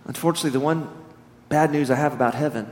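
A man preaching to a congregation, spinning stories with humor and energy. His voice sits fairly high. Long hall reverb trails each phrase. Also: quick pace, a little hiss or hum. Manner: animated storytelling, humorous. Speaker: pastor. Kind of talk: sermon.

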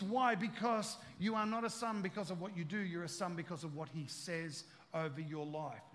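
A man preaches to his congregation in a high, ringing voice, mixing casual jokes with emphatic, rising declarations. His words carry a long reverb, as if filling a church hall. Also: normal speed, hardly any pauses. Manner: humorous, conversational preaching that builds to loud emphatic peaks. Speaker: pastor. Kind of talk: sermon.

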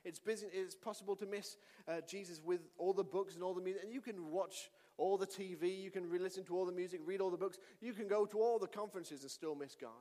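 A male pastor preaching a sermon and telling a story with lively delivery that rises to shouts. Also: high voice, fast talker, hardly any pauses. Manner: animated storytelling, shouting at climaxes. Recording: long reverb of a hall.

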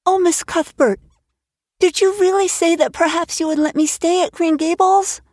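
A woman's voice: very high-pitched, steady tone, normal speed, darkish tone, no room sound, studio quality, pitched above the performer's own voice. A woman voicing an eager, imaginative orphan girl of about eleven who talks breathlessly and passionately. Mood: breathless hope.

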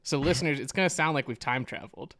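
Bright-voiced man joking on a podcast. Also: mid-range voice, quick pace. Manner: joking, self-deprecating, playful. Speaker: podcast co-host. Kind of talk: casual banter.

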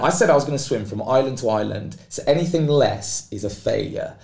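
A man's voice: medium pitch, a little fast, gravelly. A man, a podcast guest telling a long story and acting out the voices of the people in it. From Britain. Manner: animated, acts out quoted voices. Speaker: guest athlete. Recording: roomy echo.

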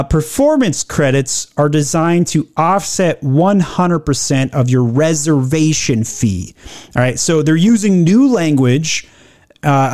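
A man giving blunt, opinionated business commentary, reading out policy lines slowly and then riffing on them with sarcasm. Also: fairly high pitch, darkish tone. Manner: reads quoted policy text slowly, then riffs.

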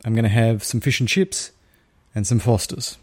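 A middle-aged Australian man hosting a casual solo podcast, speaking quietly with a wry, showman's repeated catchphrases. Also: medium pitch, normal speed, no echo. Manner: hushed, talking quietly because a baby sleeps. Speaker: daily podcast host.

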